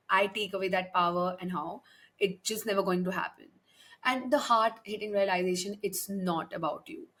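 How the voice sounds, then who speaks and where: A woman's voice: medium pitch, fairly bright tone. A young woman hosting a podcast, giving a frank, emphatic solo monologue with frequent swearing and restarts. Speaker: podcast host.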